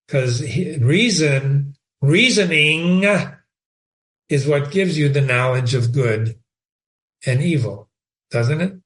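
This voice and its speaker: A man hosting a reading show, explaining a novel in a conversational teaching manner, with rhetorical questions and repeated words. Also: fairly high pitch. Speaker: host and reader.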